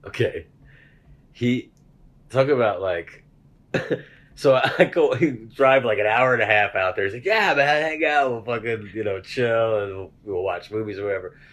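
A man's voice: lowish voice, normal speed. A man hosting a podcast, telling a story in a casual, profane way and laughing as he goes. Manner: animated, profane, laughs while telling stories. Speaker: podcast host.

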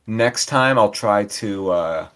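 A man's voice: fairly low pitch, slow pace, a bit bright. A man co-hosting a podcast in casual chat, jokey and playful, always doing bits. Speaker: podcast co-host.

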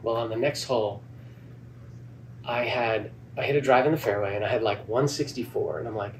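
A man, a golf club head pro, telling a lively story in a podcast interview and acting out the dialogue. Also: medium pitch, a little fast. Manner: animated, acts out quoted dialogue. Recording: distant mic with faint background noise.

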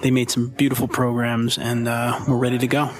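A man hosting a podcast, narrating events from the location in a conversational and excited way. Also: mid-range voice, fairly quick, slight background noise. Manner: conversational, excited, relaying events as they happen. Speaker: podcast host.

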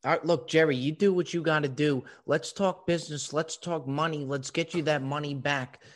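A man's voice: fairly high pitch, steady tone, moderate pace. A man hosting a podcast, teasing his co-host with playful exasperation in casual comedic banter.

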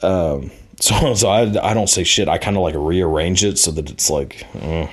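Deep-voiced man rambling through a story. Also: moderate pace, slightly rough. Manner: rambling, filler-heavy, laughs at himself. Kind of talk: casual personal anecdote.

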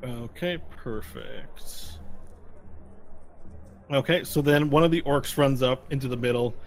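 A man's voice: medium pitch, takes it slowly. A man narrating as game master of a tabletop game, laughing often and correcting himself as he goes. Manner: loose, rambling and self-correcting.

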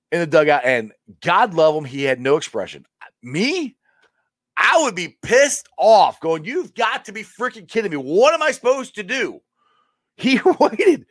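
A man hosting a casual live-stream sports show, excitable and rambling, with frequent laughs. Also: high-pitched, no room sound, clean studio sound.

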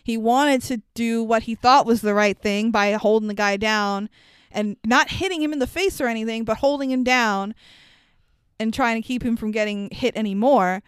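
A woman casually recapping a film with a co-host, animated and swearing, acting out the lines she quotes. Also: a little high, moderate pace, clear, resonant tone, dry recording, clean studio sound.

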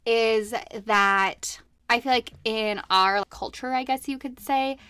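Young woman, podcast co-host, higher voice, dry close sound, girly and chatty. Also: takes it slowly, bright, forceful tone, clean tone, no echo. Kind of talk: casual chat.

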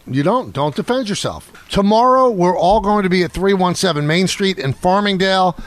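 A combative man hosts a sports talk radio show, sounding indignant as he argues with his co-hosts. His voice sits on the high side. The sound is dry and close on a studio microphone. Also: expressive, moderate pace, dry recording. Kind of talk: casual radio banter.

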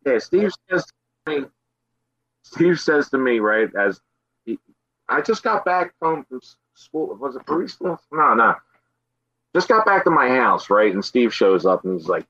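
A man's voice: medium pitch, big pitch swings, measured pace, pushed and bright, no echo, dull audio. A man from Philadelphia telling a story on a podcast as a guest, swearing and acting out every quote. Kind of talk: casual storytelling chat.

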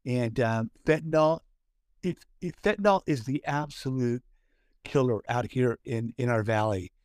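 A man's voice: mid-range voice, measured pace, darkish tone, no echo, clean studio sound. A man from Southern California co-hosting a casual podcast, telling a story with many fillers and restarts. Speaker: podcast co-host. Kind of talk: casual chat.

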